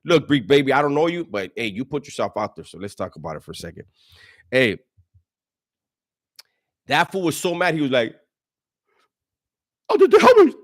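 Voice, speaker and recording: A man's voice: mid-range voice, big pitch swings, fairly quick, pauses often. A man hosting a casual livestream, reading chat messages in a slangy way, laughing often and stumbling over his words.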